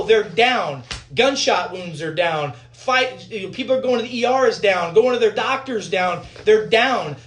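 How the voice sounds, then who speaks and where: Physician, heated video rant, blunt, profane, repetitive emphasis. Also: mid-range voice. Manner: fired-up, blunt and profane, repeats points for emphasis.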